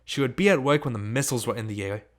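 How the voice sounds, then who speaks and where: A man's voice: medium pitch, very fast, lightly acted. A defiant teenage runaway girl, voiced by a man reading an audiobook. She is bossy and scornful, ordering her brother around in a raised voice.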